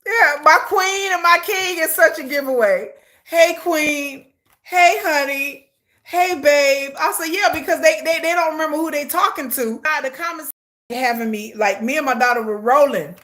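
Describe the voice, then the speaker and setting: A woman hosting a live stream, chatting casually and gossipy, animated, often bursting into laughter and shrieks. She talks straight to her viewers, calling them "girl.". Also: high voice, brisk. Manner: animated, laughing, shrieks and squeals names at the screen. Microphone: phone or camera on a tripod.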